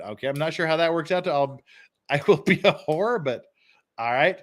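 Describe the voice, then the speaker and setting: Male stream host, slightly high voice, loose and chatty, quick to laugh. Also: expressive. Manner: chuckles often, reads phrases aloud. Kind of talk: casual live-stream commentary.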